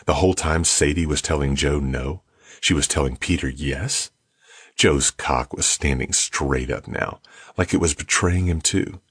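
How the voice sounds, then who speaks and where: Man, audiobook narrator, husky, very deep, steady reading, dry studio. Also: measured pace, dry recording. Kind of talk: scripted narration.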